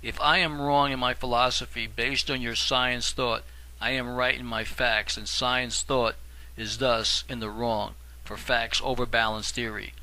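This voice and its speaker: A man voicing an aged, scholarly guide who speaks softly and courteously in an audiobook. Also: mid-range voice, level tone, low-quality recording. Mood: patient. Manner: soft, measured, polished. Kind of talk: audiobook reading.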